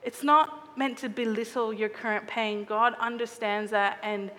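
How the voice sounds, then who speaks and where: A woman's voice: on the high side, fairly even intonation, a little slow, a bit bright, big-room sound. A woman preaching a sermon in an earnest, reflective way, often asking her listeners searching questions.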